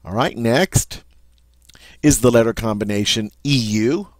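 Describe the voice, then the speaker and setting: A man's voice: medium pitch, unhurried, dry recording. A man giving a patient language lesson, explaining sounds step by step and often checking in with "all right?". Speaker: French teacher.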